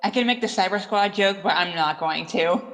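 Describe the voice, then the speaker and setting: A man's voice: high-pitched, brisk, a bit bright, long reverb tail. A man co-hosting a casual podcast, joking and pushing the talk along. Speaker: podcast co-host.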